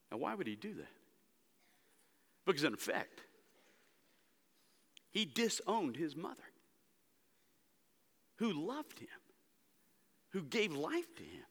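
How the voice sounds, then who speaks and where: Man, pastor, somewhat high and forceful voice, dramatic sermon delivery, long church reverb. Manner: dramatic preaching, swinging between hushed and loud emphatic stretches. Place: church sanctuary.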